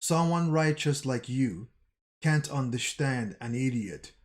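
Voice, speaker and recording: A man voicing a blunt, stubborn young male soldier, reading his lines slowly and flatly. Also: mid-range voice. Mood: bitter.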